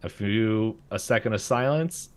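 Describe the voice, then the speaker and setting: A man's voice: on the low side, measured pace, a little mellow. A man co-hosting a podcast, casually recapping a cartoon episode with lots of fillers and laughter. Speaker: podcast co-host. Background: passing freight train.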